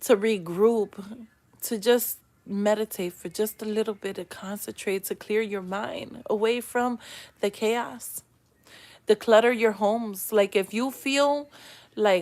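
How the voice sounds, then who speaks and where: A woman's voice: mid-range voice, measured pace, a little mellow. Emotional, earnest woman on a livestream. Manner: heartfelt, tearful, earnest encouragement; spiritual, pleading. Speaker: livestream host reading comments. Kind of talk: emotional live-stream talk.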